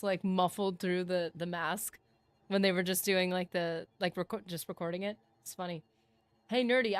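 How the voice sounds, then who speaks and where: Excitable woman gaming streamer. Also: mid-range voice, no echo. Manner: animated, excitable, chatty with chat. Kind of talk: casual livestream chat.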